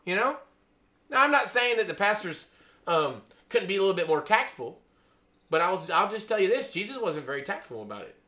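A man preaching an informal sermon, excitable, laughing, then dropping to a hushed, awed tone. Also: high-pitched, fairly quick.

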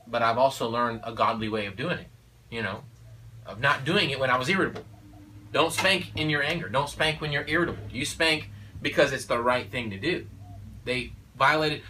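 This man, a father of four, gets preachy and emphatic about parenting in a casual chat, peppering his talk with "you know" and "okay?". He sits on the high side with a sharp edge. The mic is distant, there's slight background noise, and the audio is rough.

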